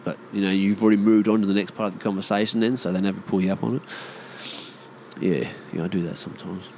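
Aussie bloke ranting about stuff, sweary and blunt, bit of a low voice, faint traffic hum. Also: male voice, fairly even intonation, fast, a little mellow. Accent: Australian. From Australia. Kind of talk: casual rambling monologue.

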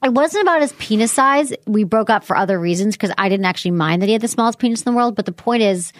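Woman podcast host, candid and conversational, dry booth sound, mid pitch. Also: lively intonation, fast talker, no room sound. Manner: frank, chatty, reads listener emails aloud. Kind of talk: casual chat.

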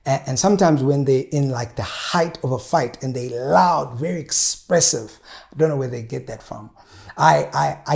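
A man in his thirties, a pastor preaching a sermon in a measured way, slowing down to stress key points. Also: on the high side, creaky, darkish tone. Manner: measured preaching, slows for emphasis.

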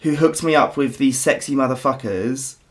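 A man's voice: medium pitch, moderate pace. Sweary, rambling man in his thirties. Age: 30s. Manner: sweary, rambling and self-mocking. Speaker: podcast co-host. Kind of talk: casual chat.

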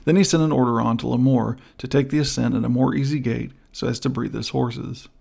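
Guy reading an old adventure story, super gravelly, flat steady delivery. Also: medium pitch, a little fast. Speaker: audiobook narrator. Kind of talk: scripted narration.

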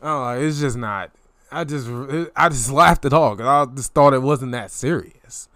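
Young male vlogger, unhurried storyteller, smooth voice, dry close recording, animated swings. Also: dry recording. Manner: animated storytelling with slang and pitch jumps. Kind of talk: casual storytelling monologue.

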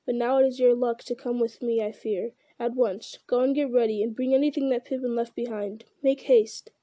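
A woman's voice: on the high side, fairly even intonation, normal speed, dark tone, dry recording, close to an everyday voice. Woman reading as a sober, earnest ranger. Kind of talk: reading a fantasy novel aloud.

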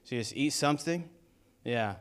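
A man's voice: mid-range voice, expressive, moderate pace, clean tone. A man preaching a sermon as pastor of a church, building intensity with rhetorical questions.

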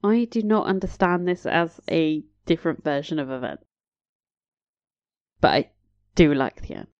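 A woman casually reacting to a period drama she is watching, wry and chatty and quick to laugh. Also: low voice, expressive, a little mellow, no echo, dull audio.

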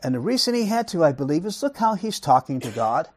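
A man teaching a Bible study in a husky, slightly raised voice. He swings his pitch widely, stressing words by repeating them and posing rhetorical questions to his class. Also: big pitch swings, fast, no room sound, clean studio sound.

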